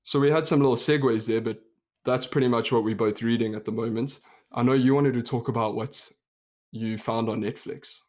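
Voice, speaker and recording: A young man with a South African accent, co-hosting a podcast in relaxed, reflective chat and laughing easily. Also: medium pitch, fairly quick. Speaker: podcast co-host. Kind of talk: casual chat.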